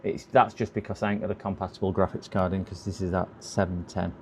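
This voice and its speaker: Male streamer, low and gravelly, casual muttering commentary from a home workbench. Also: level tone, fast, a little mellow, a little hiss or hum. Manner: chatty, mutters to himself while working. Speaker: PC repair livestreamer. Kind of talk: casual live commentary while working.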